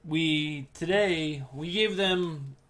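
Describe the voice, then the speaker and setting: A man's voice: a little high, very slow, fairly bright tone. A man in his thirties co-hosting a casual podcast. He rambles loosely and often restarts his sentences. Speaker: podcast co-host. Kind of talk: casual chat.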